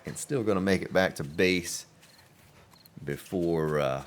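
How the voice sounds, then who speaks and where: A man's voice: sits low, unhurried, long pauses. A man commentating his own gameplay on a live stream, chatting along and greeting viewers by name. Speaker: game streamer.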